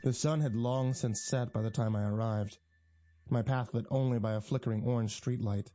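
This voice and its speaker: A man narrating a first-person horror story in a tense, measured way. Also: mid-range voice, steady tone, mellow, dull audio.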